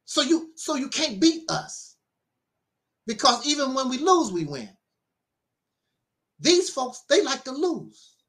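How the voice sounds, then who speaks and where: This middle-aged minister has a very high-pitched voice and takes his time, pausing often. In a casual monologue he tells stories with lively energy, laughing frequently and adding preachy asides.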